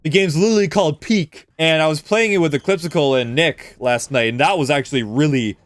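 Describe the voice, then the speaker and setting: A man's voice: fairly high pitch, a little fast, no echo. A man streaming a speedrun, giving loose live gameplay commentary, swearing freely and talking to his chat.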